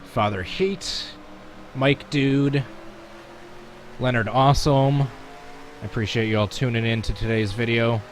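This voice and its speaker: This streamer talks slowly in a steady, mid-range voice, pausing often as he plays a racing game live. He keeps up a casual, chatty commentary, laughing and talking to chat, with a little hiss or hum in the background.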